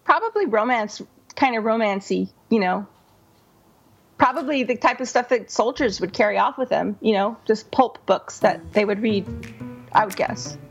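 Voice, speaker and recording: A woman's voice: fairly high pitch, normal speed, breathy edge, highs cut off, soft background music. A woman co-hosting a casual talk show, telling a story in a chatty way. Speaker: podcast co-host. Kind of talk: casual chat.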